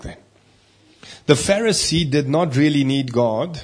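Husky guy preaching, punches some lines loud then drops real quiet. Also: on the high side, expressive, measured pace, pauses often. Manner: emphatic, rising and dropping loudness for stress. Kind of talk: sermon.

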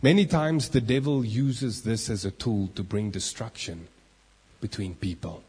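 A man's voice: fairly low pitch, measured pace, husky. A man preaching a sermon, acting out the inner voices of the people he talks about. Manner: animated, acts out inner voices. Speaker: pastor. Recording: long reverb of a church hall.

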